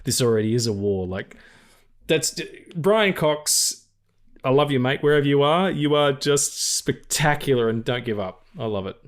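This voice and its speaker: A man's voice: on the high side, unhurried. A man co-hosting a casual film podcast, joking, swearing freely and laughing often. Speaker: podcast co-host.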